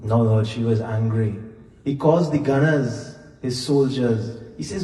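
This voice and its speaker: A man preaching, retelling a scripture story slowly and deliberately, acting out the characters' lines. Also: mid-range voice, warm tone. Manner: retells scripture with acted dialogue, slow and deliberate. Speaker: Hindu preacher. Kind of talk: devotional storytelling sermon. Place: temple hall during a festival. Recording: echoey hall, voice from far off.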